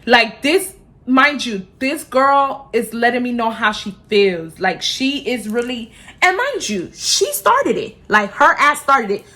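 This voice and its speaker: A young woman from Houston tells a storytime straight to her phone camera, her voice bright and a little high. She talks fast and heated, full of cursing and worked-up asides. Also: very animated. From Houston, Texas. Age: 20s. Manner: profane, heated, rapid storytelling. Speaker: vlogger. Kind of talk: storytime vlog rant.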